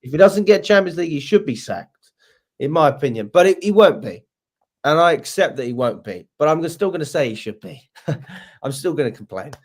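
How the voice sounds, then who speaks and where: A man's voice: fairly high pitch, big pitch swings, a little fast. A young man, hosting a casual fan livestream, chatty and swearing freely. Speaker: fan channel host.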